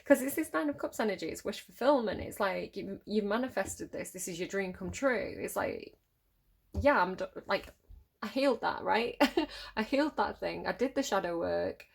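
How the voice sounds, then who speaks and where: A woman's voice: medium pitch, expressive, normal speed, gravelly, slightly rough. A woman in her thirties giving a casual tarot reading, chatty and laughing often, restarting her phrases. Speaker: tarot reader.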